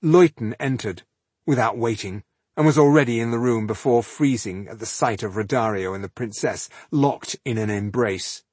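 A man narrating an audiobook in a measured, expressive storytelling style. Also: medium pitch, no echo. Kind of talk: scripted narration.

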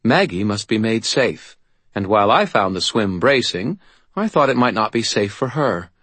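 A man's voice: lowish voice, lively intonation, normal speed, fairly bright tone, slightly rough, dry recording, pitched above the performer's own voice. A man voicing an ancient female fey godmother who speaks formally with a faint menace. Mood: imperious.

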